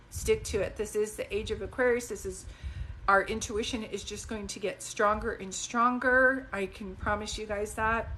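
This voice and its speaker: A woman psychic talks casually to her live-stream viewers in a chatty, digressive and animated way, into a phone. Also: on the high side, a little hiss or hum. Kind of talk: casual livestream talk to viewers.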